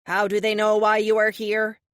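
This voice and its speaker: A woman's voice: mid-range voice, completely flat delivery, moderate pace, dry recording, studio quality, voice pushed up, lightly acted. A woman voicing a precise artificial intelligence that reports facts plainly. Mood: factual.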